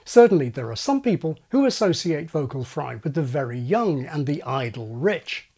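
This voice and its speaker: A fairly high, husky male voice that moves lively up and down. He explains things with dry, wry asides, like an educational video host. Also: normal speed. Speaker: channel host explaining speech.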